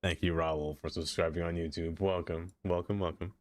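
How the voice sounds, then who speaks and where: A man's voice: low voice, fairly even intonation, normal speed, a little mellow, faint music behind. A man streaming a game, chatting casually, laughing often and talking to the objects he builds. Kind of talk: casual live-stream chat.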